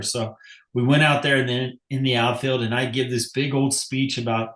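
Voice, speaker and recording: A man's voice: mid-range voice, steady tone, brisk, fairly bright tone. A man with an ordinary mid-range voice hosts the conversation and tells stories thoughtfully. His voice carries a noticeable room echo. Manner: reflective, explanatory storytelling. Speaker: podcast host, coach. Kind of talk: casual interview talk. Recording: echoey room.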